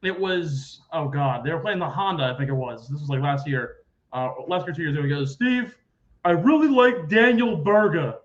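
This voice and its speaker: A young man with a notably high voice hosts a casual sports podcast. He tells stories in a chatty way, swears freely, and comes through a dull, lo-fi mic. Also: fairly quick. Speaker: podcast host.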